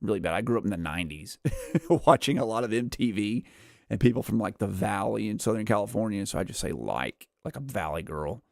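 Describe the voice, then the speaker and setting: This gaming streamer, a man in his thirties, talks quickly in a lowish, gravelly, slightly mellow voice, with no room sound and a clean studio finish. He rambles casually through his livestream, leaning on "like" and "uh" and laughing softly as he goes.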